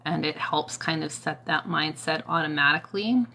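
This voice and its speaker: A woman's voice: deep voice, moderate pace, sharp tone. A woman hosting a Reiki livestream, chatting casually with viewers in a tired, worn-out voice, using lots of fillers and coughing now and then. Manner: chatty, many fillers, answers viewer comments. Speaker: Reiki healer, livestream host.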